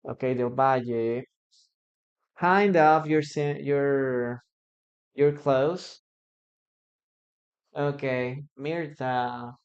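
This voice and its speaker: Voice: mid-range voice, very slow, pauses often, muffled recording. An English teacher, a native Spanish speaker, giving a live-streamed lesson, repeating example sentences and reading out viewer comments.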